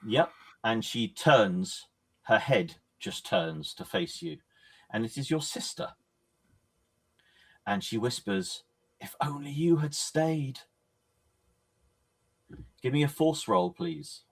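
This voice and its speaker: A man running a horror tabletop game as game master, narrating scenes in a measured, descriptive way with pauses. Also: medium pitch, animated, gravelly.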